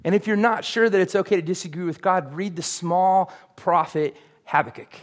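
A man's voice: sits high, normal speed. A man preaching a sermon as pastor, earnest and confessional, building to emphatic peaks.

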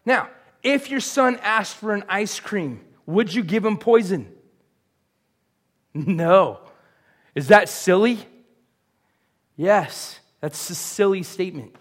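A man's voice: sits high, animated, slow pace, long pauses. A man preaching a sermon in a conversational, joking way, full of rhetorical questions. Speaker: pastor.

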